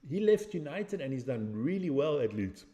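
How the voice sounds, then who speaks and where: On a muffled recording, a middle-aged watch-along stream host talks at a normal speed in a warm, high-ish, very animated voice. He reacts casually to a match, responds to viewers' comments, and cracks jokes about how old he is.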